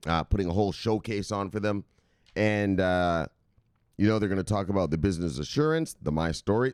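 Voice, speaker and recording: A man's voice: on the low side, no echo, studio quality. A man hosting a crypto news video, rambling casually through the news with profanity and lots of fillers.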